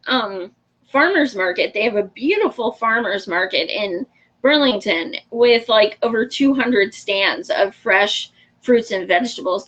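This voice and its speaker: A woman hosting a casual livestream, talking frankly in a slightly high voice and laughing easily. She swears without a second thought and chats with viewers by name. The sound is dull and lo-fi. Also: a bit bright. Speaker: show host. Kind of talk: casual livestream chat answering viewer comments.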